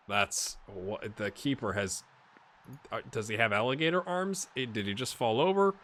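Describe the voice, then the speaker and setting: A gaming YouTuber gives excitable, jokey play-by-play on his football management game, breaking into shouts whenever goals go in. His voice is mid-range and his pace is normal.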